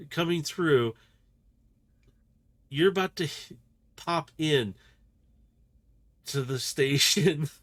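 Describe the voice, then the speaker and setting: Laid-back game master guy, laughs a lot, slightly high voice, chatty narration. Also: a bit bright.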